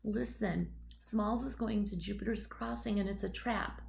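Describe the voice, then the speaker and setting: A woman's voice: mid-range voice, a little slow, creaky, darkish tone, slight background noise. A woman reading an audiobook and voicing a brave young female rabbit, speaking urgently and earnestly in a raised voice. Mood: pressing.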